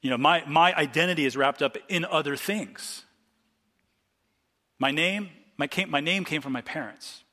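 A man's voice: on the high side, moderate pace, sharp tone, big-room sound. A male pastor from Ohio giving a conversational expository sermon, stopping often to restart his sentences and reading scripture aloud. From Ohio, USA.

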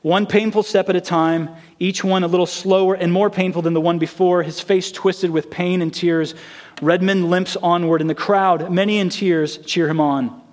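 Male preacher, earnest sermon storyteller, a touch high-pitched. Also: steady tone, moderate pace. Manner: earnest storytelling, acting out quoted lines.

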